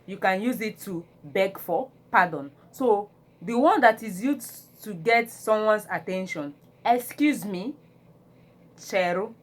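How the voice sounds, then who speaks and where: Woman, unhurried language teacher, repeats and acts out phrases, mid pitch. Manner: repeats each phrase, shifting between English and Igbo; animated when acting out phrases. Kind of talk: slow phrase-by-phrase language lesson.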